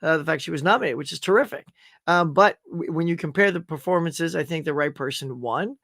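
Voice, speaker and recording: A man's voice: on the high side, brisk, vocal fry, a bit bright, dry recording, clean studio sound. A man hosting a casual live chat show, rambling through viewer comments with lots of fillers and restarts. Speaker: host.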